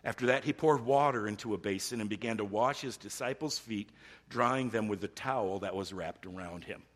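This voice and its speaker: A middle-aged man preaching a sermon, swinging from loud, urgent emphasis down to a hushed near-whisper. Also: on the low side, a little fast. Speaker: pastor.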